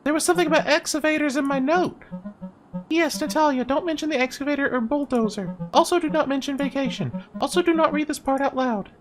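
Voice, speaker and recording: A woman voicing an eager, chatty six-year-old girl in a game, speaking in a bubbly, excited way. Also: high voice, fairly quick, faint music behind, voice pushed up, close to an everyday voice. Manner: excited, bubbly, broken grammar when reading. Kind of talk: voice-acting a game.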